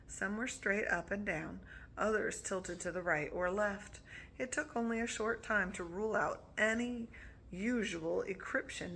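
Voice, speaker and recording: A woman reads a chapter of a novel aloud in a casual, unpolished way, stumbling and restarting now and then. Her voice is bright with a gravelly grain. A faint hiss of noise sits behind her. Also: medium pitch. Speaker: reader.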